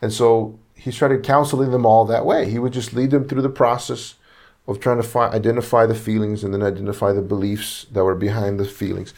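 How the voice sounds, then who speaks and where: A man with a low, gravelly voice preaches a sermon. He tells the story earnestly and voices each person's lines himself. He often repeats a word while he searches for the next one. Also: flat delivery, brisk, a little mellow. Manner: retells conversations, acting out each speaker's lines.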